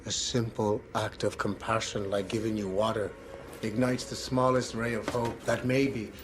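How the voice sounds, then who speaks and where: A man playing a quiet, cold-blooded killer. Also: lowish voice, flat delivery, moderate pace, natural voice. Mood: coldly taunting. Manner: quiet, coldly taunting. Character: calm menacing male killer, middle-aged. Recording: noisy film soundtrack clip.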